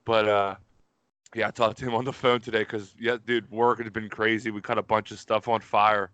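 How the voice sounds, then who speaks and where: In this laid-back storytelling chat, a podcast co-host from Pittsburgh, USA, wanders through swear-filled anecdotes and says "dude" nonstop. His voice is lowish and fairly monotone, moderately paced, slightly bright and smooth. No room sound comes through.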